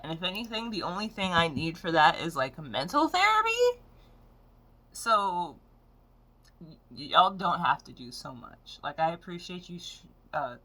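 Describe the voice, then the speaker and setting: Bright-voiced, profane woman in her twenties. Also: low-pitched. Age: 20s. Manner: frank, profane, exasperated storytelling. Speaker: vlogger. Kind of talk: casual rant to camera.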